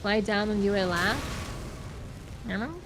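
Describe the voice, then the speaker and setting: Over background noise, an Australian woman speaks unhurriedly in a medium pitch with fairly even intonation. She streams while gaming, reading viewer comments aloud in a giggly, rambling manner with restarts and fillers.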